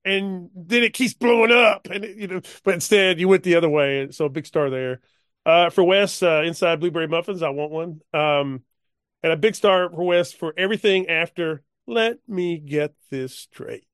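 A man in a casual chat about a game session, talking haltingly with many fillers. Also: high-pitched, a bit bright, smooth, dry recording, clean studio sound. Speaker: player.

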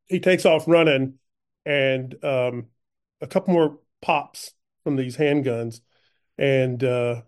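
A man narrating his own character's actions in a tabletop game, halting and full of fillers. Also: medium pitch. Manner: halting, filler-heavy storytelling. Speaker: player.

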